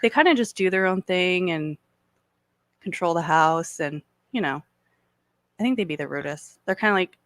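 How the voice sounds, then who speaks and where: A woman's voice: lowish voice, lively intonation, moderate pace, long pauses, no echo. A woman being interviewed as a guest in a casual chat, light and easygoing with frequent laughter. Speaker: guest, political candidate.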